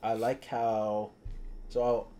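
A man chatting casually about a movie, speaking haltingly and searching for words. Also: lowish voice, little pitch movement, mellow, a little hiss or hum. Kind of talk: casual movie review chat.

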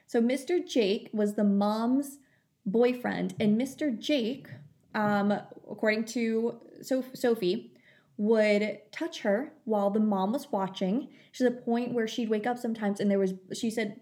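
A woman's voice: mid-range voice, moderate pace, a little mellow. A young woman telling a long story in casual chat, full of fillers. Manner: chatty storytelling, many fillers.

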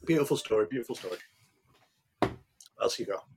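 A man co-hosting a podcast, making quick quips and laughing in casual chat. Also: medium pitch, animated, darkish tone, slight background noise. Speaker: podcast co-host.

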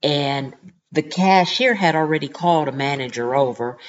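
A woman hosting a podcast, telling a story in an animated, indignant way and acting out the people in it. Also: deep voice, normal speed, muffled recording. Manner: animated, indignant storytelling with lively quoted voices. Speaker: podcast host. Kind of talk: casual storytelling monologue.

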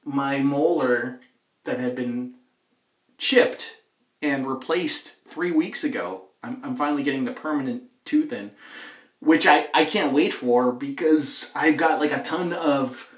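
A man's voice: medium pitch, unhurried. Chatty man rambling in an echoey room. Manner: chatty, self-deprecating, many fillers. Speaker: podcast host. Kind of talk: rambling casual monologue.

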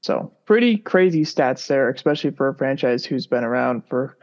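A man co-hosting a sports podcast, talking in a relaxed, rambling way with lots of fillers. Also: mid-range voice, moderate pace. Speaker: podcast co-host. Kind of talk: casual sports podcast chat. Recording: dull lo-fi sound.

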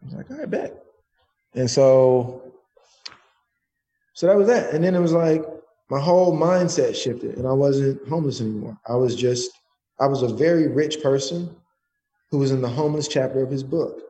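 Give me an animated man with a medium-pitched voice, casually telling a story with lots of slang and swearing. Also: normal speed.

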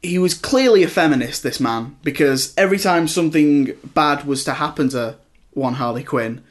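A young man hosts a casual podcast chat, his voice sitting a little high for a man. He tells stories with animation and slips into loud impressions of other people. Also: moderate pace. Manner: animated storyteller, mimics people loudly. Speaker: podcast host.

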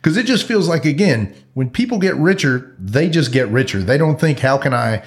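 A man's voice: mid-range voice, expressive, moderate pace. A man co-hosting a podcast in casual chat, hedging and thinking aloud as he talks. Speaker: podcast co-host.

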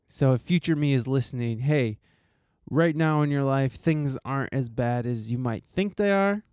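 A man's voice: medium pitch, darkish tone, clear, resonant tone, dry recording, studio quality. A man hosting his own podcast, talking in an earnest, heartfelt way with casual swearing and lots of restarts. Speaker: podcast host. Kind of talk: solo podcast talk.

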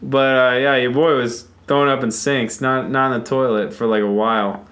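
A young man hosting a podcast, telling stories in casual, profane, animated chat. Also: medium pitch, moderate pace. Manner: loose, profane, animated storytelling. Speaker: podcast host.

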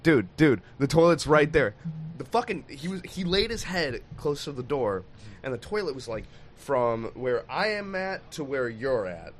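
A man's voice: on the high side, a bit bright. Profane man telling a wild story. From Michigan. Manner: profane, laughs mid-story. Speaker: podcast host. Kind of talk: casual storytelling chat.

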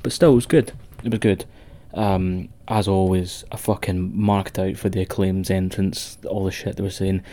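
The voice sits low and warm, with a level tone and a moderate pace broken by few pauses. It belongs to a Scottish man co-hosting a wrestling podcast, rambling, swearing and laughing a lot in casual chat with a friend.

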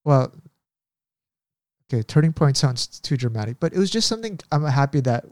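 A man chatting casually as a podcast co-host, wandering through his thoughts in a reflective, rambling manner. His voice sits at a middling pitch, and the recording is close and dry with no room sound. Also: sing-song, moderate pace, a little mellow, no echo. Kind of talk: casual chat.

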